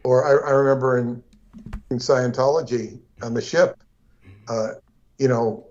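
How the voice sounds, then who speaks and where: A man co-hosts a casual livestream talk and rambles with restarts and asides. His voice sits at an ordinary middle pitch. The audio is dull and lo-fi. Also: steady tone, measured pace, darkish tone. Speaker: co-host.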